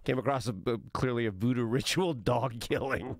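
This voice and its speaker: A man co-hosting a podcast, telling stories in an animated way and laughing easily. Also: medium pitch, moderate pace, slight background noise. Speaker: co-host. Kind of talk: casual chat.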